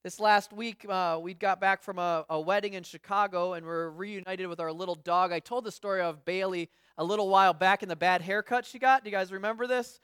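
A woman's voice: mid-range voice, steady tone, a little fast, few pauses, clear, resonant tone, no echo, studio quality. A woman pastor giving a conversational sermon, telling stories with frequent restarts and acting out what others say. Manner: storytelling, frequent restarts, acts out quoted voices.

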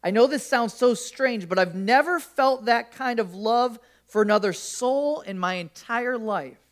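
Expressive male pastor retelling a story. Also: unhurried. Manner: expressive storytelling with shifting pitch and volume. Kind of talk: sermon, reading a first-person story aloud.

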